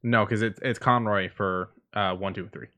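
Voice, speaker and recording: Bright, low-voiced man chatting. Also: fairly even intonation, moderate pace. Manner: storytelling, news rundown with fillers. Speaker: podcast co-host. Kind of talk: casual podcast chat.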